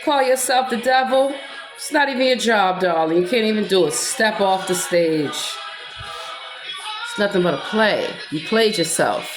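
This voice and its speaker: In a medium-pitched voice at moderate speed, a Black woman who styles herself a preacher defiantly answers her accusers in a passionate monologue. Now and then she sings gospel-style, and the recording has room echo and background music.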